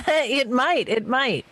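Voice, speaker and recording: A woman's voice: sits high, drawn-out words, fairly bright tone. A woman hosting a livestream chat, wry and ironic, often laughing. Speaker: host.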